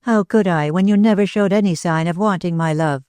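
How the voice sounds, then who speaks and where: A young woman in an audiobook, vehement and pleading as she speaks her grievances, voiced by the woman narrator. The tone runs low and close, with a dry, roomless sound. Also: a little fast, dark tone, clear, resonant tone, no echo, natural voice. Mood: reproachful.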